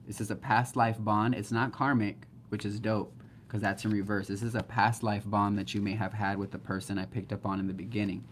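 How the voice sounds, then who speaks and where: A man's voice: on the low side, flat delivery, fairly quick, few pauses, slight background noise. A man giving a casual live-stream tarot reading, blunt and chatty, swearing freely. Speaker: tarot reader.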